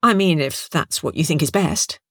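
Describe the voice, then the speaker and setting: A woman voicing an eager, chirpy young woman with a bright, lively manner in a read-aloud story. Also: low-pitched, moderate pace, dry recording, studio quality.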